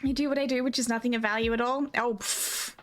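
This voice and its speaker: A woman's voice: on the high side, fairly even intonation, quick pace, fairly bright tone, soft background music. A woman with an Australian accent, slightly Americanized, chatting casually with her live chat as a streamer, rambling and giggling.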